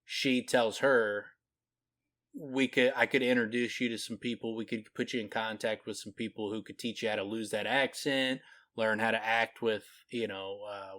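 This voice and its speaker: Low-voiced man talking books. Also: a bit bright. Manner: hesitant, restarts often. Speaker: podcast co-host. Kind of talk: casual book discussion.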